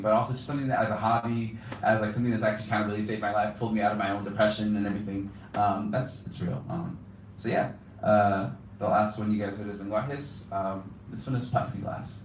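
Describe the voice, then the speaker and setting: With a lowish voice, a young slam poet performs in a cafe, weaving Spanish and English into a rhythmic spoken-word piece. A room mic set at a distance records the echoey indoor space, and there is slight background noise.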